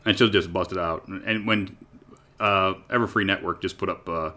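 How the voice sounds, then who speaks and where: A man's voice: low-pitched, fairly even intonation, moderate pace, bright, forceful tone. A man hosting a podcast, chatting casually with playful, jokey banter. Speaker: podcast host. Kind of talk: casual chat.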